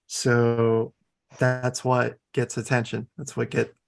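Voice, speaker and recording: A man joining a livestream chat, explaining points calmly with some restarts. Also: medium pitch, takes it slowly, gravelly. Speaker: livestream guest. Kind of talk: casual group chat on a livestream.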